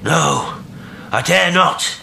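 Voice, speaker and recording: A desperate, starving old stranger, as a male reader puts him on, pleading in a choked voice. The voice is pushed up high and loud above the reader's own. It has a bright, forceful edge, as if calling across dark water. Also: big pitch swings, unhurried, creaky, a little hiss or hum, heavily acted. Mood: anguished.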